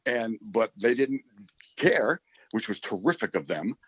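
An older man from New York City, a sportscaster, rambling through a long interview answer with repeated words and animated asides. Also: on the low side, measured pace, husky, dry recording. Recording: slightly dull, dry recording.

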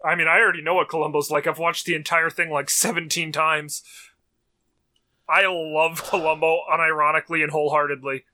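A man's voice: a little high, flat delivery, brisk, bright, forceful tone, slight background noise. A man chatting on a podcast and tossing in jokes. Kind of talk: casual chat.

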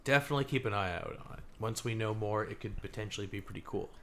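A man co-hosting a casual gaming podcast, talking loosely with lots of fillers and getting animated when he tells a story. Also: fairly low pitch, fast, creaky. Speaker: podcast co-host.

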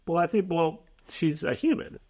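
A podcast co-host with a mid-pitched voice and a very lively, swinging intonation. They chat casually about a TV episode, animated and quick to laugh.

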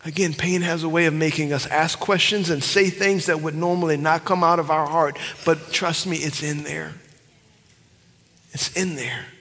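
A man preaching a sermon to his congregation, swinging between loud emphatic cries and hushed whispers. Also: on the high side, fairly even intonation, moderate pace. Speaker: pastor. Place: church sanctuary. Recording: long church hall reverb.

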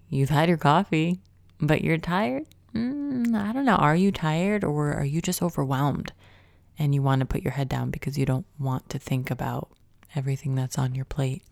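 A woman's voice: sits low, gravelly, a little mellow, no echo. A young adult woman hosting a podcast, talking reflectively and conversationally, asking many questions and sometimes dropping to a whisper. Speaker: podcast host. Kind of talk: reflective self-help talk.

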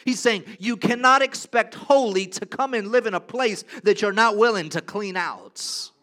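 A man preaching a sermon, emphatic and repetitive, moving between soft, low passages and loud, rising declarations. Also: moderate pace.

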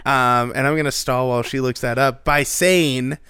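A man's voice: mid-range voice, steady tone, normal speed, sharp tone, clear, resonant tone, dry recording, studio quality. Rambling, jokey male podcast host. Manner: rambling, jokey, lots of fillers. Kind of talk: casual chat.

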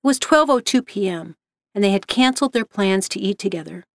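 A woman reading a scripted story aloud in an even, measured way. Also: medium pitch, no echo, clean studio sound. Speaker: narrator.

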